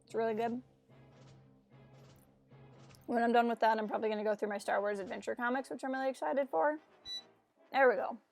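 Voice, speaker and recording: A woman's voice: on the high side, steady tone, fairly quick, creaky, pauses often, a little mellow, soft background music. A woman live streaming a strategy game, chatting casually and explaining her moves as she plays. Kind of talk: casual gameplay commentary.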